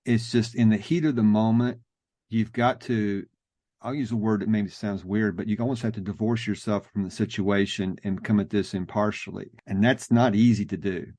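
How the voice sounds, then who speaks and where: A male podcast host with a fairly low voice, replying in a measured, thoughtful way. His voice sounds dry and close, with no room echo. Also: steady tone, warm tone. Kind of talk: casual interview chat.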